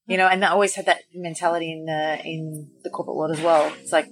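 Woman, podcast guest, lively storyteller, casual chat. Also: low voice, a little hiss or hum, rough recording. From Australia. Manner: animated, voices others in quick quoted asides.

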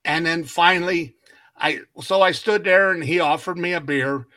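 A man's voice: fairly high pitch, moderate pace, bright, forceful tone. A man co-hosting a casual podcast, telling a long story and acting out what everyone said, laughing often. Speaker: podcast co-host.

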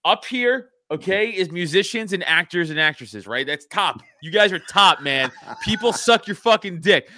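Podcast host, male, thirties, high bright voice, lively and profane, dry close mic. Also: normal speed, hardly any pauses, dry recording. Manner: animated, profane, laughing storyteller. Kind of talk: casual chat.

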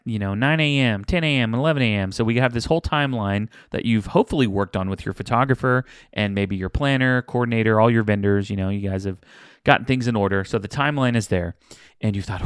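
A young man co-hosting a casual chat, giving easygoing advice in a relaxed way. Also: mid-range voice, a little fast, clear, resonant tone, dry recording, studio quality. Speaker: podcast co-host, wedding vendor.

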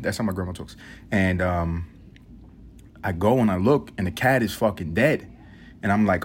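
Rambling low-voiced man telling stories. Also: normal speed, a little hiss or hum. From New York City. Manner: rambling, profane, muses aloud; mimics his grandmother in a high voice. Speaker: podcast host. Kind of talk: casual solo storytelling.

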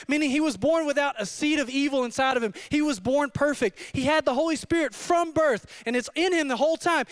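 A man in his thirties, with a very high voice, preaches a fervent sermon as a pastor, swinging between hushed tones and shouting.

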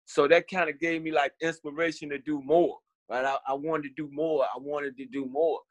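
A man's voice: a little high, flat delivery, no echo. Man from telling his story. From Richmond, Virginia. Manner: halting, repeats words, acts out quoted voices. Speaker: guest. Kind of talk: storytelling interview.

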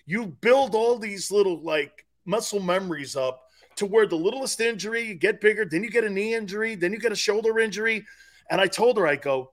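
A man's voice: high-pitched, brisk. A man co-hosting a sports talk show, telling stories animatedly and tossing in "man" and "dude" as he goes. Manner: animated storyteller, peppers speech with "man" and "dude". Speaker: sports radio co-host.

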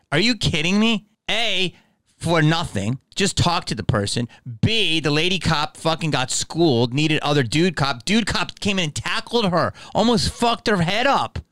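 A man's voice: a little high, a bit bright, no room sound. A man hosting a podcast, delivering a profane, heated and sarcastic casual rant as commentary. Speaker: podcast host.

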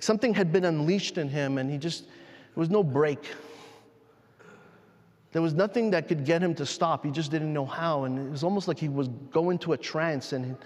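A man with a high voice preaches a sermon, telling a personal story in a halting, heartfelt way and often restarting his sentences. His voice rings with long reverb in a large hall. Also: a little mellow. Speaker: pastor.

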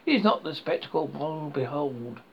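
A man's voice: on the high side, expressive, fairly quick, slight background noise. A man voicing a mournful, merciless male fiend spirit in a horror story reading, speaking solemnly, on a dull lo-fi recording.

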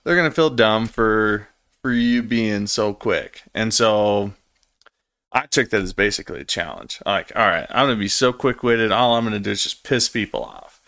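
Guest, man, late twenties, loose storyteller who cusses a lot, bright sharp tone. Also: on the low side, expressive, normal speed. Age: late 20s. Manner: laid-back storytelling, swears freely. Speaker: podcast guest. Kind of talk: casual chat.

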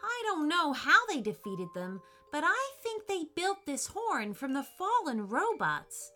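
A woman voicing a curious, quick-thinking young princess in a storybook reading, high and decisive. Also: big pitch swings, bright, forceful tone, faint music behind, exaggerated voice. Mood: thoughtful.

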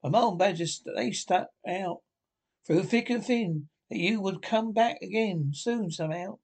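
A man voicing a sensible, earnest male water rat in a storybook reading, telling things slowly and emphatically. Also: high-pitched, darkish tone. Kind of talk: storybook character voice.

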